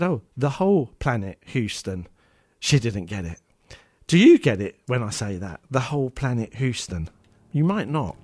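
A man, presenting a music show and telling a long, rambling personal story full of fillers and restarts. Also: medium pitch. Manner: rambling, chatty, many fillers and restarts, chuckles at own jokes. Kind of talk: casual anecdotal storytelling.

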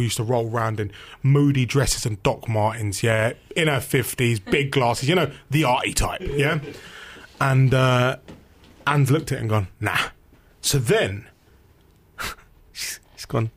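Lively man telling a story. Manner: lively storyteller acting out both sides of conversations, jumping high in pitch. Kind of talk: animated anecdote.

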